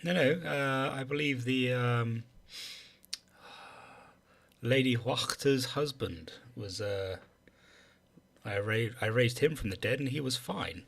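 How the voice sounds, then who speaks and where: Casting: a slow, gravelly-voiced man role-playing his character, polite and hesitant. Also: medium pitch, fairly bright tone. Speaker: player. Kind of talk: in-character tabletop role-play.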